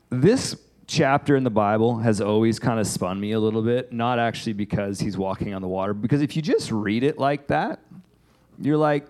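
A man giving a casual, conversational sermon, animated and chatty as he acts out a Bible story. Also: on the low side, brisk. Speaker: pastor.

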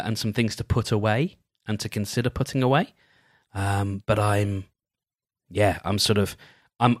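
A man hosting his own solo podcast, chatting gently and meandering, often restarting his sentences. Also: on the low side, no room sound, clean studio sound. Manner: meandering, self-interrupting, gentle. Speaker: podcast host. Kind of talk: casual solo podcast chat.

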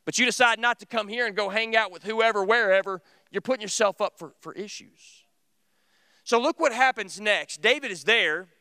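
A man's voice: sits high, normal speed, pushed and bright, no room sound. A middle-aged man preaching a sermon in an earnest, conversational, storytelling way. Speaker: teacher.

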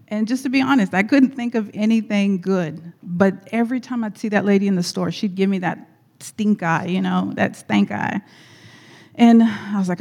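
A woman's voice: mid-range voice, normal speed, a little mellow. A woman telling a personal story at church, chatty and rambling with frequent laughs. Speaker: guest speaker at church. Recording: echoey hall.

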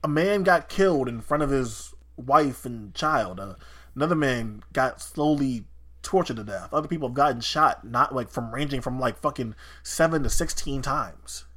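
Podcast co-host, male, fired-up rambling rant, bright forward voice. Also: mid-range voice, lively intonation, normal speed. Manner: heated, swearing, rambling with restarts. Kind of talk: casual chat.

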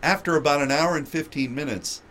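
A man hosting a radio show, telling a lively travel anecdote with laughter. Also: on the high side, a little fast, slight background noise. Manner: animated anecdote with frequent laughter. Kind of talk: storytelling chat.

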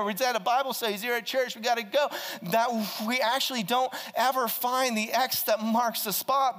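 A man preaching a sermon as a pastor, telling a personal story in an animated way, with frequent restarts and stammers. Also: extremely high pitch, big-room sound. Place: church.

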